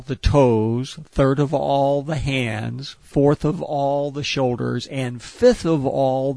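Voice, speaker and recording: A man calmly explaining a movement exercise step by step, repeating each point with care. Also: mid-range voice, dry recording. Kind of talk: step-by-step instruction.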